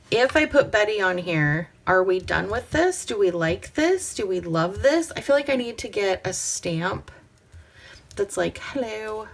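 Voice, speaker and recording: Chatty crafting woman, slow gravelly voice. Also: mid-range voice. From Pacific Northwest. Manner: chatty, talks to herself while working, drops to soft whispers. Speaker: crafting channel host. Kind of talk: casual crafting vlog chat.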